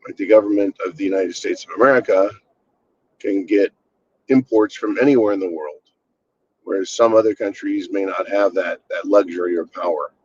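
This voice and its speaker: A man's voice: sits low, normal speed, dull audio, a little hiss or hum. A man hosting his own channel, ranting bluntly and with exasperation, swearing freely. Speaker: channel host. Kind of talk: casual political rant.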